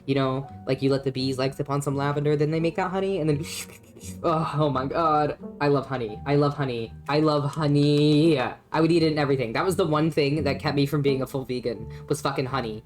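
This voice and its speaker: A young woman with a low voice chats loosely with her stream audience while she plays. She swears freely and laughs a lot. Faint music plays underneath. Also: fairly quick. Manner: chatty and profane, laughs often, talks to chat. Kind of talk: casual live-stream chat while playing a story game.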